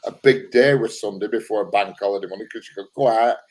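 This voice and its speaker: A man's voice: fairly low pitch, fast talker, darkish tone, breathy edge, poor audio. A man, a guest, telling a story in a dry, plain-spoken way. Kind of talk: casual chat.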